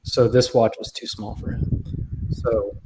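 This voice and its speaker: Man telling a lively story. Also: lowish voice, unhurried, a little hiss or hum. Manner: animated, acts out other people's lines. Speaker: guest. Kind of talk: casual storytelling on a livestream.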